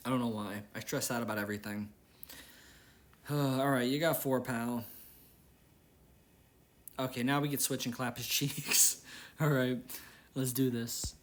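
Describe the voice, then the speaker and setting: A man's voice: mid-range voice, steady tone, unhurried, pauses often. Exasperated young man venting over gameplay. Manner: rambling, exasperated, repeats himself. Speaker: gaming channel host. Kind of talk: casual gameplay commentary with venting.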